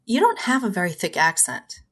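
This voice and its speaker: A woman from Minnesota hosts a casual podcast interview at a medium pitch. She talks in a friendly, chatty way and laughs easily as she asks her guest questions. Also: huge pitch swings, brisk. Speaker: podcast host.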